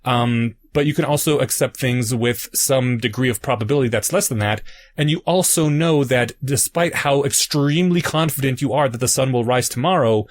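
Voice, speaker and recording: A man's voice: medium pitch, moderate pace. A young adult man co-hosting a podcast, patiently explaining ideas through analogies in casual chat. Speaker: podcast co-host.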